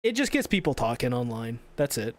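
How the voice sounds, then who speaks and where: A man's voice: medium pitch, very animated, a little fast. A man co-hosting a podcast in casual chat, teasing his co-hosts and reading out comments from the live chat. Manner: teasing, jumps in and reads chat aloud. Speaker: podcast co-host.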